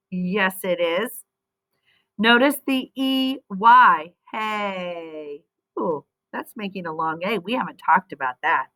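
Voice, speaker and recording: A woman's voice: medium pitch, sharp tone, low-quality recording. A woman teaching a phonics lesson, patient and encouraging as she reads a story aloud and talks through the sounds.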